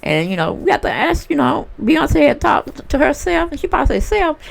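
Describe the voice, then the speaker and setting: Sassy gravelly-voiced woman gossiping. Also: sits high, brisk. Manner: sassy, animated storyteller who acts out other people's voices. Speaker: celebrity gossip commentator. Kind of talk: casual gossip monologue.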